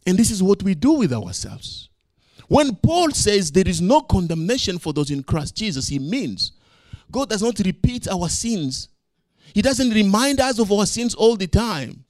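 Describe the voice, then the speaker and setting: Male pastor, sermon, high voice, very lively pitch, dry close sound, loud peaks and soft asides. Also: unhurried, no echo. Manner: animated preaching, swings from loud emphasis to quiet asides; acts out his own quoted words to his son.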